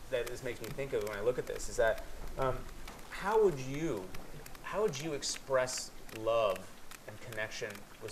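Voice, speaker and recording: A man's voice: medium pitch, noisy background. A man from Canada giving a live presentation to an audience, earnest and searching, with many restarts.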